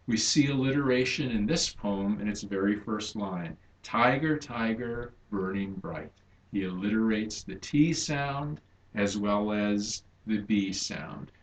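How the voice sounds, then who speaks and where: Slow, deliberate male lecturer in an echoey room. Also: lowish voice. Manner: slow, deliberate, emphasizing stressed syllables. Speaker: literature lecturer. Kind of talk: recorded lecture.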